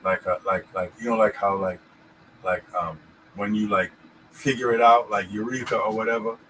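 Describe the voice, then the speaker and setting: A man's voice: lowish voice, fairly even intonation, moderate pace, fairly bright tone, slight background noise, poor audio. A man co-hosting a casual podcast about scripture, rambling and checking in with "you know what I'm saying". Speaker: podcast host.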